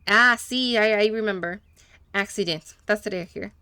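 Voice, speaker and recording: A woman plays a nervous male mechanic in a game, speaking broken English in a mock Spanish accent and hurrying through denials. The voice sits in a middle pitch and sounds dry and close. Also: normal speed, bright, forceful tone, smooth, no room sound, lightly acted.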